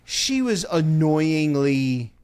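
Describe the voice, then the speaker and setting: A man co-hosting a comedy podcast, telling stories in a casual, animated way with frequent laughter and acted-out quotes. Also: fairly high pitch, very slow, smooth. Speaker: podcast co-host.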